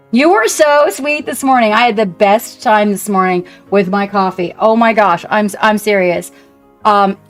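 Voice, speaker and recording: A woman streamer chatting casually and warmly with her viewers, gushing and rambling as she paints. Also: mid-range voice. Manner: chatty, effusive, talks to chat. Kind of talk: casual live-stream chat.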